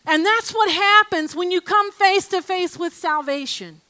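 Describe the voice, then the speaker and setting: Woman preaching slow and emphatic, high bright voice, reads bits aloud. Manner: expressive, emphatic, pauses to read aloud. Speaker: Bible teacher. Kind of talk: informal sermon with reading aloud.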